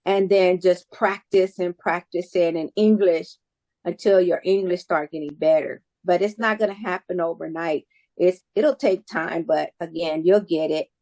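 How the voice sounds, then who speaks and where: A woman's voice: fairly low pitch, steady tone, normal speed, darkish tone, no echo. A woman English teacher answering students' questions in a classroom, talking casually and encouragingly with many restarts.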